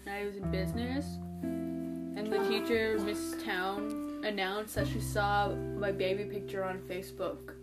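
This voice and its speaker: Young female guest, flat and matter-of-fact, sits off-mic, loud guitar music behind her. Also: medium pitch, unhurried. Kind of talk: casual chat. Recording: distant from the mic.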